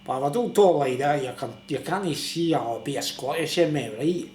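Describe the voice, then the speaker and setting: A man's voice: a little high, expressive, moderate pace, a little mellow, roomy sound, slight background noise. A British man chatting in a rambling, casual way for his vlog, often asking "you know what I mean?". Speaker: YouTuber reviewing beer.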